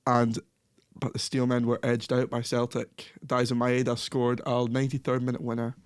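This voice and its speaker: Male podcast co-host, mid-pitched, chatty, dry close mic. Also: completely flat delivery, moderate pace, clear, resonant tone, dry recording. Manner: chatty, laughs often, self-correcting. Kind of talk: casual football chat.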